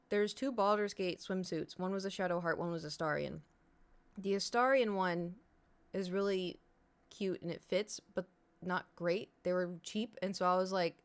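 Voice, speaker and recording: A woman streamer with a clean, mid-range voice chats casually with her viewers. She rambles restlessly and swears now and then.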